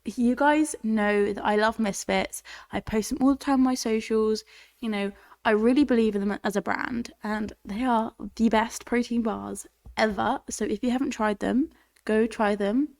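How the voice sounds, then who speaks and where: A woman's voice: a little high, steady tone, moderate pace, creaky, a little mellow. Chatty young woman with a cold. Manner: chatty, rambling, laughs often. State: congested from a cold. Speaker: podcast host. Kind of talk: casual chat.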